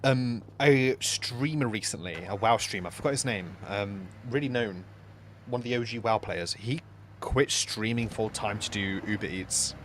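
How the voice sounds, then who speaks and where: A young man streaming a game, chatting casually and rambling through a story with lots of fillers and restarts, sometimes dropping to quiet mumbled asides. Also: fairly low pitch, normal speed, slight background noise. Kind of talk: casual chat while gaming on stream.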